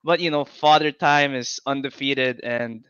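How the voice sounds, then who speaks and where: A man from the Philippines, a guest chatting casually about boxing in a relaxed, halting way with plenty of fillers and restarts, heard over a video call. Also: medium pitch, clean tone, no echo, highs cut off. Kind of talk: casual chat.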